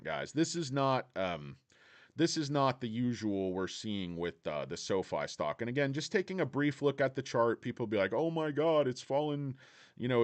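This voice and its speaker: A man hosts a casual stock market livestream in a brash, profane way, talking straight to his viewers and reading out their chat. His pitch swings widely, rising and falling as he goes.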